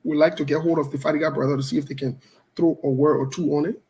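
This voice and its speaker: A woman host delivering political commentary, deliberate and emphatic, speaking directly to her viewers. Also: deep voice, fairly even intonation, mellow, rough recording. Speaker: show host.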